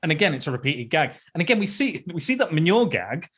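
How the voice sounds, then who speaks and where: A man's voice: fairly high pitch, very animated, fast, a bit bright, slightly rough. A man hosting a podcast, chatting casually about a film and often repeating and restarting his phrases. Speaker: podcast host. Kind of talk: casual film review chat.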